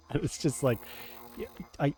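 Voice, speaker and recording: A man chatting casually while streaming a game live. He laughs often and keeps saying meow. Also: warm tone. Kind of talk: casual live gameplay chat.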